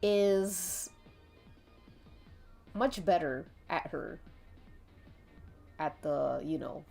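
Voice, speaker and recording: A woman's voice: fairly low pitch, extremely slow, creaky, a little mellow. A woman streaming while she draws, chatting in a rambling, giggly way and swearing casually. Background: faint background music.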